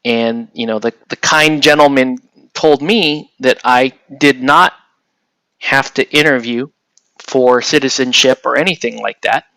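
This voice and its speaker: A man from the United States talks loosely to his live chat as he works, wandering between topics with the odd casual curse. His voice sits at an ordinary middle pitch. The sound is dry and close, with no room echo. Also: a little slow, vocal fry, bright, forceful tone. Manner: chatty, rambling, casually profane, answers chat as he works. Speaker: livestreamer painting miniatures.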